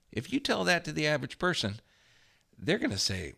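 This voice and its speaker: Energetic man giving a health pep talk. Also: a little high, fairly quick, creaky, husky. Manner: energetic, emphatic, repeats affirmations with rising volume. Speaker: health speaker.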